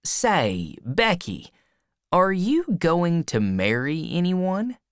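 A woman voicing an eager young boy in love in a storybook reading, a little above her own pitch. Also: very animated, slow, no room sound, clean studio sound.

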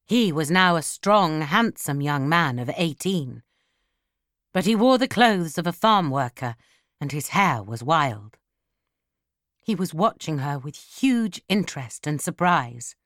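A woman narrating a classic novel as an audiobook, in slow, expressive storytelling. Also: low voice, no echo, studio quality.

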